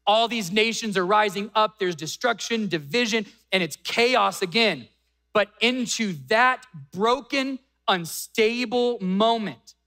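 A man preaching a sermon, retelling a scripture story with dramatic pauses and acted-out quotes. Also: high voice, sharp tone. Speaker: pastor.

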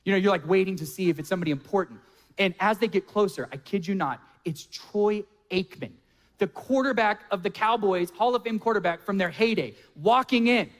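A male pastor preaching a sermon, telling a self-mocking personal story in an animated way. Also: sits high, a little fast. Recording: long hall reverb.

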